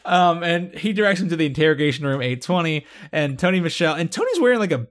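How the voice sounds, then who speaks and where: A man's voice: a little high, fast. A man hosting a podcast, casually recapping a TV episode and acting out lines with laughter. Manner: animated storytelling, acts out quotes with laughter. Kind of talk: casual chat.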